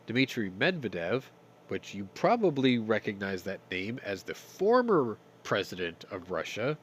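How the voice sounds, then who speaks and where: Host, male, low lively voice, congested, wry profane news commentary, faint background noise. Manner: sarcastic, swears, reads news then jokes. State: stuffy from sinuses. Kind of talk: casual news roundup with commentary.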